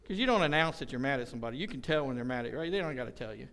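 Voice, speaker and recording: A pastor preaches a casual, conversational sermon at a church service, joking and spinning folksy stories with acted-out quotes. His medium-pitched voice is expressive and fairly bright, and he talks very fast.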